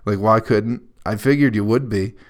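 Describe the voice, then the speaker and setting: A man's voice: on the low side, moderate pace. A young man, a comedian, talking through a casual, profane, scattered podcast monologue with a wry edge.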